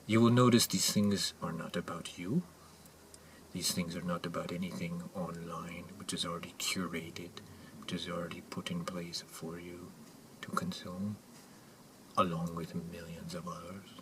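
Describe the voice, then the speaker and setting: Male actor as an odd, earnest self-help guru with a deep voice, broken grammar, whisper-to-shout delivery, recorded far off. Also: little pitch movement, moderate pace. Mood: hushed earnest. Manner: swings between hushed whispers and loud exclamations. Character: eccentric male motivational guru, intense and earnest. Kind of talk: character monologue to camera. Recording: distant mic with faint ambient noise.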